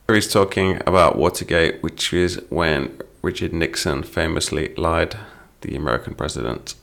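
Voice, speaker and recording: A man's voice: rumbling low, normal speed, vocal fry, a bit bright. A middle-aged man teaching English phrases through song lyrics, patient and explanatory.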